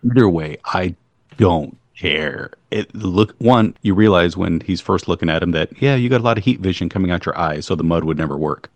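Very deep-voiced man gushing about movies. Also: no room sound. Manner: enthusiastic, swears freely, loose phrasing. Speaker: podcast co-host. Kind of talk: casual movie discussion.

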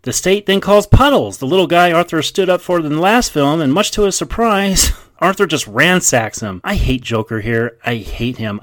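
A man's voice: medium pitch, no room sound. A man co-hosting a casual film review chat who recaps scenes and voices his dislike plainly. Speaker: podcast co-host recapping the plot.

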